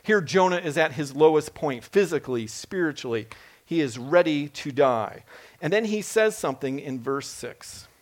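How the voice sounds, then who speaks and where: A man delivering a lively sermon in a slightly raised voice. He preaches with animation and acts out the lines he quotes. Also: on the high side, moderate pace.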